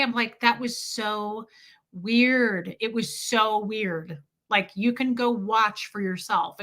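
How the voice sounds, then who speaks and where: Bright, chatty woman live-streaming. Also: fairly high pitch. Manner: rambling, chatty, greets viewers mid-story. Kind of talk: casual live-stream storytelling.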